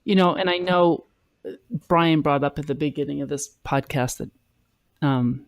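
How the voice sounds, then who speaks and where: Gravelly-voiced woman co-host chanting light language. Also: low voice, moderate pace, no echo, studio quality. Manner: soft, rhythmic chanting of syllables. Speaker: podcast co-host.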